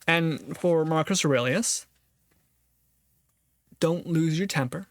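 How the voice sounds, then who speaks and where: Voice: mid-range voice, slow, long pauses, no echo. A podcast host giving earnest, reflective solo commentary on a philosophy text, thinking aloud and restarting phrases often.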